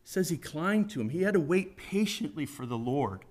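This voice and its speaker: A man's voice: fairly high pitch, animated, normal speed, a little mellow. A middle-aged man preaching a conversational sermon, folksy and emphatic, often putting questions to the congregation.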